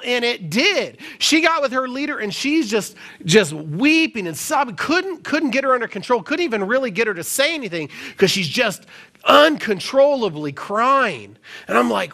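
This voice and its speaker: A male pastor preaching a sermon in a live church service, telling a story in a conversational, animated way with casual fillers. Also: extremely high pitch, moderate pace.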